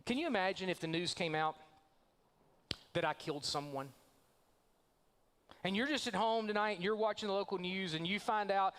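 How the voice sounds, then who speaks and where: A man's voice: sits high, moderate pace, fairly bright tone. Man preaching with storytelling voices. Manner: storytelling, acting out quoted voices. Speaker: pastor. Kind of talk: sermon. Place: church sanctuary.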